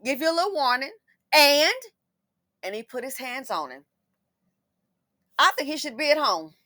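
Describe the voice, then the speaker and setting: A woman's voice: high-pitched, lively intonation, moderate pace, pushed and bright, no echo, studio quality. A woman giving heated commentary on a news clip, blunt and indignant, swearing and talking back at the people in it.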